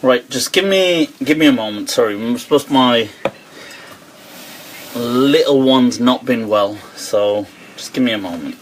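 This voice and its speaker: A man hosting a live Q&A, talking in an animated way, quoting others and laughing often. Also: medium pitch, measured pace, a little hiss or hum, low-quality recording. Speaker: host. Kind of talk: live Q&A talk. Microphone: webcam or phone on a live stream.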